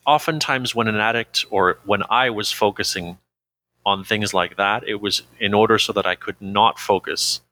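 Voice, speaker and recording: A man talking openly in a conversational interview, pausing often with fillers and breaking into laughs. His voice sits a little low and comes across bright and forceful. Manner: reflective, hesitant with frequent fillers, laughs easily. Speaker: interview guest.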